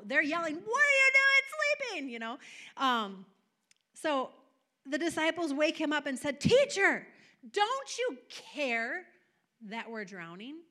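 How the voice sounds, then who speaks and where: A woman's voice: medium pitch, a bit bright. A woman preaching a sermon, telling a personal vision and a scripture passage with passion and rising emphasis. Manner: passionate, building to raised emphatic peaks.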